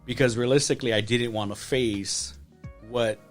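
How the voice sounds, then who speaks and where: A man's voice: medium pitch, fairly even intonation, moderate pace, faint music behind. A man in his thirties, a podcast guest, telling his life story with feeling, with many restarts and "like". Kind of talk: personal testimony.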